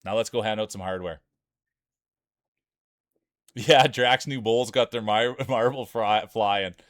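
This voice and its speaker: A man from Canada hosting a live stream, chatty and excitable, laughing often and calling people "dude". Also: lowish voice, slow pace, no echo, clean studio sound. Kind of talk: casual live-stream commentary.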